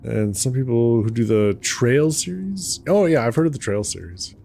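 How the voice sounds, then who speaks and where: A man's voice: mid-range voice, expressive, moderate pace, creaky, mellow, faint music behind. A man hosting a let's play, chatting casually with viewers and laughing often. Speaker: gaming channel host.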